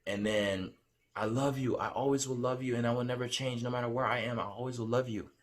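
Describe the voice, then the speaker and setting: A remorseful young woman pleading over and over in a voicemail, as a man reads her lines in his own mid-range voice. She apologizes again and again in a steady, repetitive way. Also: medium pitch, fairly quick, lightly acted.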